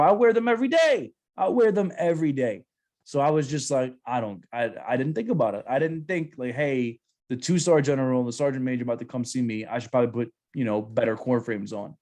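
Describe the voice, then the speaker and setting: Podcast dude telling a story, cussing a lot, mid voice, into a podcast mic. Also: male voice, medium pitch. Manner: animated, profane, repetitive slangy. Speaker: podcast co-host. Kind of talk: casual storytelling.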